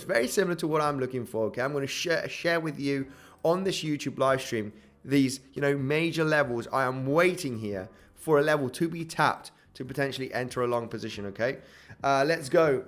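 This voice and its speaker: A man hosting a casual crypto trading livestream, upbeat and hyped, greeting chat viewers and filling with "you know" and "guys". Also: mid-range voice. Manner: upbeat, hypes the chart, greets chat viewers by name, says "guys" a lot; filler-heavy, many "you know" and restarts.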